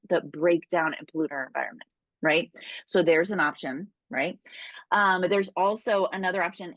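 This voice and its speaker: A woman coaching her sales team in a relaxed, chatty way, tagging her points with quick questions. Her voice sits low. The sound is dry and close. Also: dry recording. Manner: chatty, keeps tagging lines with "right?". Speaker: direct sales trainer. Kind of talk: casual training talk to a sales team.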